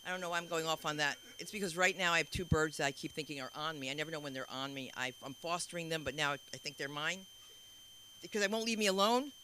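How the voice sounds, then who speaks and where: A woman runs a live comedy night, her tone piercingly bright. She rambles and doubles back in loose, chatty storytelling, far from scripted. A faint hiss of the room sits behind her. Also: sits low, fast. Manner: rambling, self-interrupting storytelling. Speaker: comedy show host. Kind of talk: stand-up emcee banter.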